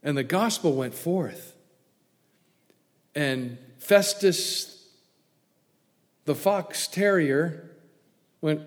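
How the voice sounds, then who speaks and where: Animated preacher in a reverberant hall. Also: male voice, fairly high pitch, very slow, pauses often. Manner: animated storytelling, acting out quotes, swings from loud to hushed. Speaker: pastor. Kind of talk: sermon.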